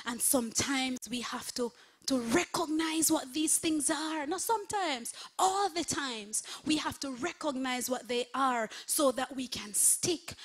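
A woman minister preaching an online sermon, swinging from hushed whispers to shouts. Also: fairly high pitch, breathy edge. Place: home setup, streaming online.

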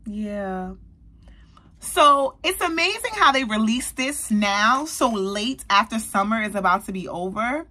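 A woman beauty vlogger, likely in her thirties, reviewing a perfume in an animated, chatty way and talking straight to her viewers. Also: fairly high pitch, moderate pace, hardly any pauses. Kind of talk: casual product review.

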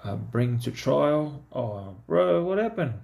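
Slow, gravelly-voiced man. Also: medium pitch, big pitch swings, highs cut off. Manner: talks to himself, easygoing and chatty. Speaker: card-opening vlogger. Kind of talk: casual commentary while opening card packs.

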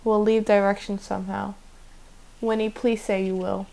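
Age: teen boy. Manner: folksy, hushed urgency. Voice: gravelly edge , a woman reading. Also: mid-range voice, flat delivery, moderate pace, lightly acted, rough recording. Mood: urgent. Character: earnest country teenage boy, urgent.

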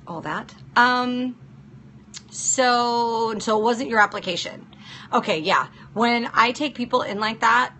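A woman's voice: fairly low pitch, bright, forceful tone, slight background noise. A woman hosting a casual live-stream chat as a nail technician, practical and chatty, answering viewers by name. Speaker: nail technician and show host.

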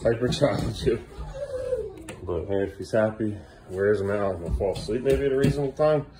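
A man's voice: fairly low pitch, brisk, background noise. A man filming his kids at home for a vlog, laughing at them and scolding them in turn. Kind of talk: casual home vlog narration.

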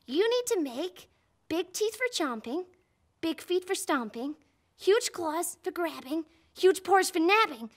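A woman voicing a chatty, excitable little boy puppet who hosts a children's show and talks straight to the viewer. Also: very high voice, heavily acted. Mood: proud. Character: playful little boy puppet, pre-school vlogger.

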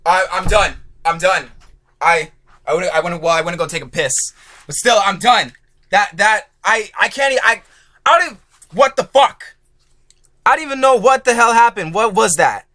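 A man doing let's play commentary as a gaming YouTuber, excitable and swearing, yelling at the game and groaning when he fails. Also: high-pitched, moderate pace, dry recording. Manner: groaning frustration at failures.

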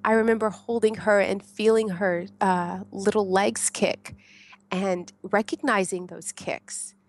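A woman from the United States, a podcast guest, tells her story in a casual, animated way. She laughs often and acts out what she shouted back then. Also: medium pitch, measured pace.

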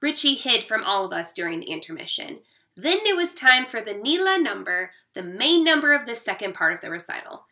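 A woman's voice: fairly high pitch, big pitch swings, brisk, sharp tone. A woman teacher reading a children's story aloud expressively, with short asides to her listeners.

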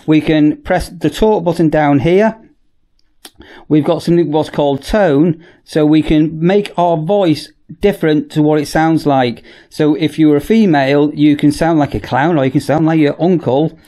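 A man giving a casual, chatty product demonstration in a workshop, often repeating "as I say" and pausing on ums. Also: fairly high pitch, warm tone. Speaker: product reviewer.

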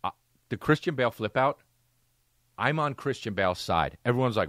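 A man's voice: mid-range voice, animated, normal speed, a bit bright, no echo, clean studio sound. A man hosting a podcast, chatting in a loose, profane, jokey way. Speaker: podcast host. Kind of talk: casual podcast chat.

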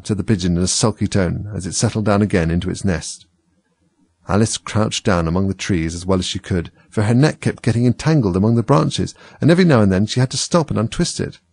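A man narrates a storybook in an animated, expressive way. His low voice is gravelly and a little husky, and the sound is dry and close. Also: quick pace, no room sound. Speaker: audiobook reader.

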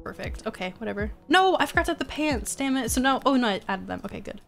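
A woman's voice: a little high, expressive, fast talker, gravelly, fairly bright tone, soft background music. A young woman streaming a life-sim game, chatting casually and sounding exasperated as she pleads with her characters.

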